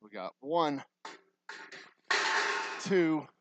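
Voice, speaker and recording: Loud music plays behind this poor-quality recording of a distillery owner with a Texan accent vlogging construction. Working off camera near a moving camera mic, he talks viewers through framing, thinking aloud and poking fun at himself, in a somewhat high, lively voice with drawn-out words.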